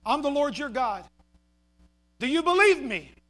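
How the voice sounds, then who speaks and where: A preacher putting on the voice of God answering from above, calm and steady. The tone stays reassuring and high-pitched, an everyday voice rather than a booming one. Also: male voice, measured pace, full character voice.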